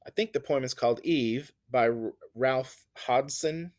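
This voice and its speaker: A man giving a recorded literature lecture, patiently explaining poetic meter and reassuring his students. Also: mid-range voice. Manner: patient and reassuring, slow and deliberate, counts out stresses. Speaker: literature teacher.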